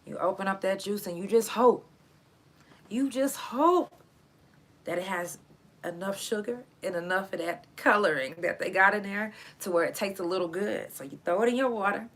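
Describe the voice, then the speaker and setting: A woman hosting a live chat show tells stories to her audience in a loose, profane way, laughing often and stretching out words for emphasis. Her voice is mid-range and fairly bright, at normal speed.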